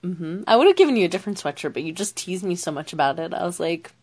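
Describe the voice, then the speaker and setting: A woman's voice: fairly low pitch, expressive, fast, darkish tone, slightly rough. A woman co-hosting a podcast in casual chat, talking easily with lots of "um" fillers. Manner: chatty, many "um" fillers, laughs easily. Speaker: podcast co-host.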